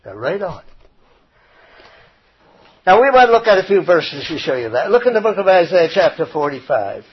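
A man preaching a sermon, growing loud and emphatic as he quotes scripture. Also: sits high, very animated, moderate pace, breathy edge. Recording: dull lo-fi recording.

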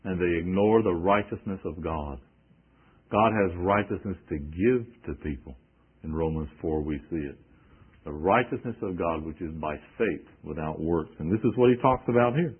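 A man's voice: sits low, a little slow, breathy edge, narrow, tinny audio. A male preacher giving an emphatic sermon, quoting scripture and asking rhetorical questions.

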